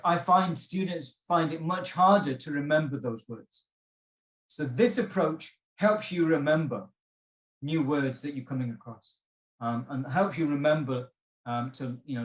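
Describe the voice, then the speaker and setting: A man's voice: fairly high pitch, reverberant. A man leading an online exam-prep workshop, patiently explaining and asking the class questions, with many fillers and restarts. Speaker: IELTS workshop instructor. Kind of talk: online lesson.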